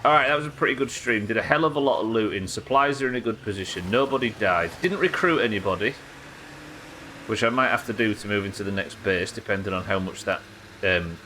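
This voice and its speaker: A man's voice: on the low side, brisk, sharp tone, slight background noise. A man hosting a live gaming stream, chatting to viewers and swearing as he plays. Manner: sweary, chatty, talks to chat while playing. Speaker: livestream host.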